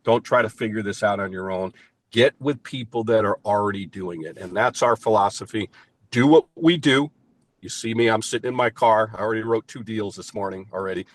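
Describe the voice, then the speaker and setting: An older man with a fairly low voice talks with emphatic, fired-up enthusiasm, pressing his points like a motivational coach. He speaks from inside a car during an interview. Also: a little fast. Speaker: payments sales team leader.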